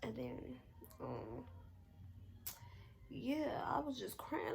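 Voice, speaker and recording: Young woman, casual storytime vlog, rambling slang, out of breath, gravelly voice. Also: fairly high pitch, very animated, slow pace, long pauses, low-quality recording. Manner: candid, rambling, with slang and swearing. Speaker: vlogger.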